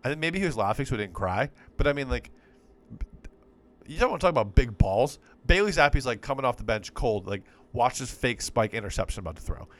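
A man's voice: medium pitch, lively intonation, fairly quick. A man co-hosting a sports podcast, talking in a rambling, exasperated, profane way. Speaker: podcast co-host. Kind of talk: casual sports podcast chat.

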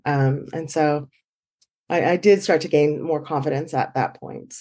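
A woman guest, a dog trainer, telling her story in an animated way and acting out quoted dialogue. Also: sits low, unhurried. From San Francisco Bay Area. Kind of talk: conversational storytelling.

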